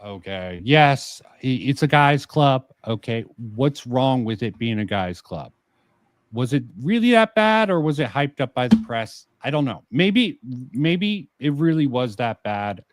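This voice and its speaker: A man's voice: medium pitch, very animated, measured pace, no room sound. Sarcastic man streamer, dry close sound. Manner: sarcastic, reads comments aloud and rebuts them. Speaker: streamer host. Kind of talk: casual commentary stream.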